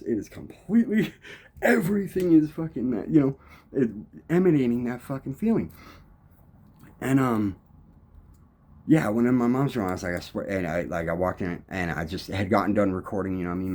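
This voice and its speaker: A man's voice: fairly low pitch, warm tone. A man talking in a loose, rambling monologue, swearing constantly and restarting his sentences a lot. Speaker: musician.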